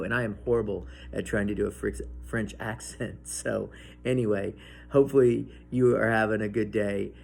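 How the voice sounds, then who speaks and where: A man hosting a casual science demonstration and pep talk, excitable and enthusiastic, often breaking into laughs. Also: fairly low pitch, moderate pace, vocal fry. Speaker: science video host.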